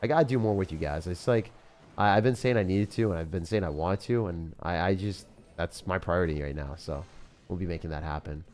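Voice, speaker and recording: In a low, slightly mellow voice that runs a little fast, this young streamer keeps up easygoing chat with his audience as he plays a mobile game. He laughs often and calls people "dude" and "bro."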